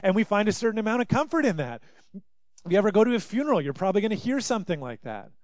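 A man's voice: high voice, very animated, fast talker, darkish tone, dry recording. A man preaching a sermon as pastor, in an earnest, emphatic way.

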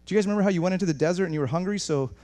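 This pastor's high voice races along as he delivers an animated sermon, alternating soft asides with raised, forceful passages and restarting often.

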